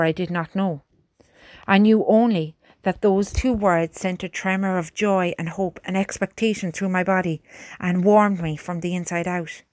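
A woman narrating a storybook in a calm, earnest way. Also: medium pitch, no echo. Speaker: audiobook narrator.

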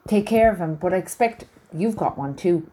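A woman's voice: lowish voice, animated, moderate pace, mellow, slight background noise, natural voice. A woman reading aloud, voicing a kindly, down-to-earth soldier with a chatty, earnest manner. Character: kindly Welsh soldier man, warm, down-to-earth.

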